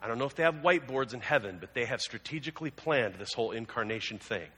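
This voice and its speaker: A man's voice: mid-range voice, animated, fast talker, bright, forceful tone, slightly rough. A man preaching a sermon as a pastor, telling the story conversationally with humorous asides. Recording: long hall reverb.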